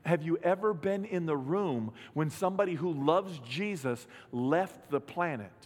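A man's voice: a little high, a little slow. A middle-aged man, a pastor telling personal stories in a conversational sermon, acting out gasps and quotes. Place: church sanctuary. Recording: long hall reverb.

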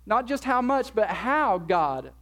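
A man's voice: high-pitched, big pitch swings, takes it slowly, bright, forceful tone. A male pastor preaching an earnest, encouraging sermon, often repeating words as he goes.

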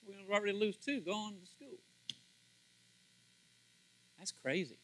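Male pastor, sermon, bright forceful tone, fairly high voice, animated delivery. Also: unhurried, low-quality recording. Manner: animated, acts out quoted dialogue, big swings in loudness.

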